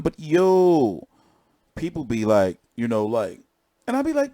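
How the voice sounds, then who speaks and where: A young man talking casually on a live stream, swearing and repeating phrases as he gets worked up. His voice sits high and leaps around a lot. The sound is close and dry, with no room echo. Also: moderate pace. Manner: excitable, profane, repeats phrases. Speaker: boxing commentator streamer.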